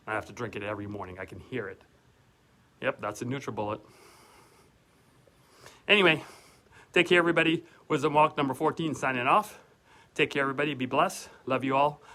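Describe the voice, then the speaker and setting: A man's voice: medium pitch, pushed and bright, slight background noise. A middle-aged man hosting a motivational vlog, talking earnestly and a bit preachy straight to his viewers while out on a walk, recorded on a handheld phone. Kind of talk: casual motivational monologue on a walk. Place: outdoors on a walk, then at his front door. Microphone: phone camera held by the speaker.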